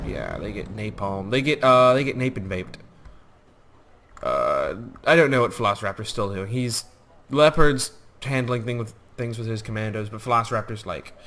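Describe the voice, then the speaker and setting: A man's voice: on the low side, fairly bright tone. A man giving casual, rambling commentary over his own strategy gameplay, joking and acting out the soldiers in silly voices. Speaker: gaming YouTuber.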